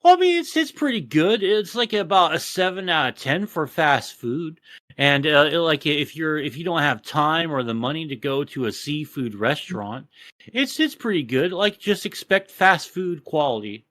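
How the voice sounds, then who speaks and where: A man from Texas, telling a profane, animated rant on a casual podcast. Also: on the high side, moderate pace, no room sound. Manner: profane, animated ranting storyteller. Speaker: podcast co-host.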